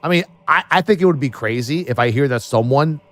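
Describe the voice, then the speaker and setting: A man's voice: medium pitch, animated, brisk, fairly bright tone, faint music behind. A man streaming live and riffing in a casual, profane and sarcastic way.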